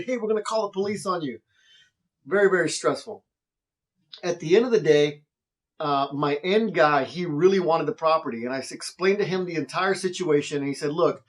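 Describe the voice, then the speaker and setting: A man, a real estate investor, casually telling a story to camera and acting out the people in it. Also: a little high. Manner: animated, acts out quoted voices.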